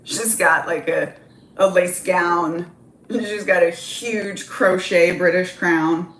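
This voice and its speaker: Slow woman reading a comedy script. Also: lowish voice, fairly even intonation, fairly bright tone, roomy sound. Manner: casual, with offhand asides. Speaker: script reader.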